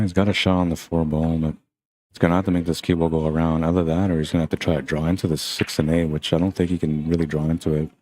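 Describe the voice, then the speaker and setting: A man's voice: sits low, darkish tone, no room sound. A man commenting live on a pool match for a stream, chatty and greeting viewers by name between shots.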